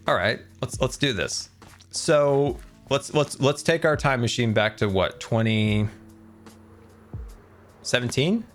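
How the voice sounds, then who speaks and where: Animated man streaming, lively voice. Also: on the low side. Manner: animated, laughing, chatting with viewers. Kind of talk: casual live-stream chat.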